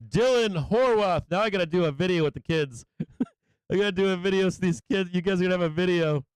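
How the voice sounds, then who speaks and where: A man hosting a live stream, greeting viewers by name in an excited, casual way, swearing and getting emotional. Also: high-pitched, fairly quick, clear, resonant tone, no room sound. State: emotional, close to tears. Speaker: livestream host.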